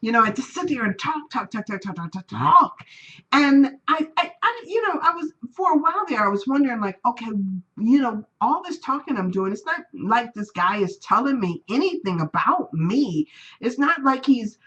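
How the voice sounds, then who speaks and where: A woman's voice: sits high, expressive, moderate pace, a bit bright, dull audio. A woman teaching a spiritual class, telling personal stories in a chatty way and acting out the people she quotes. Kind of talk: live-streamed class talk, personal stories.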